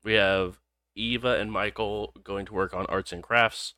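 A man with a lowish voice runs a tabletop game as game master. He is easygoing and relaxed, and keeps prompting the players with questions. The recording is close and dry. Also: measured pace, no room sound.

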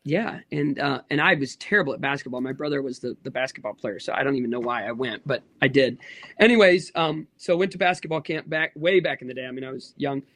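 A man's voice: mid-range voice, quick pace, dry recording. A man in his thirties, a pastor, telling stories in a casual interview with lots of restarts and acted-out quotes. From United States. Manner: animated storyteller with many restarts and acted quotes.

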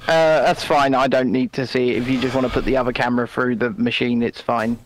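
A man's voice: medium pitch, level tone, brisk, soft background music, poor audio. A man co-hosting a casual live stream from a remote video call, chatty and jokey, with frequent restarts. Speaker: co-host.

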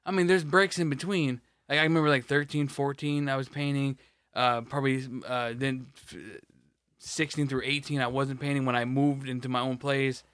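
A man's voice: mid-range voice, flat delivery, normal speed, a bit bright, clean tone, no echo, clean studio sound. A man co-hosting a podcast in casual chat, rambling and swearing with many restarts. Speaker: podcast co-host.

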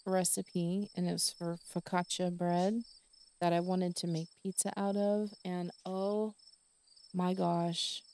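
Solo podcast host, woman in her forties, low and flat, chatty and rambling. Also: smooth. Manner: rambling and chatty, with fillers and soft laughs. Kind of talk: casual solo podcast chat.

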